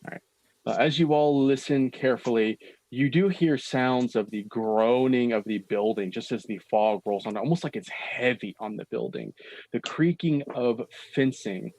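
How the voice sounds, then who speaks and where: A man running a tabletop horror game as dungeon master, describing scenes slowly and with suspense, with casual asides to his players. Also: medium pitch, a little mellow, dry recording.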